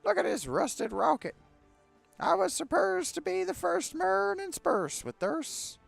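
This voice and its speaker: A man voicing a gruff, cranky old rocket captain who shouts and mumbles his words as if around a cigar. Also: very high-pitched, very animated, a little slow, faint music behind, voice pushed up, heavily acted. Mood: grumbling. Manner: loud, bossy, cursing.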